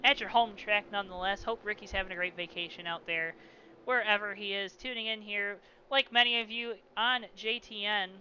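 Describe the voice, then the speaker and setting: A man calls a simulated stock car race, his bright, forceful voice riding a faint hiss. He keeps up the play-by-play with casual joking asides. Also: high-pitched, steady tone, moderate pace, highs cut off. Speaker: play-by-play commentator. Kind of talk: sim racing commentary.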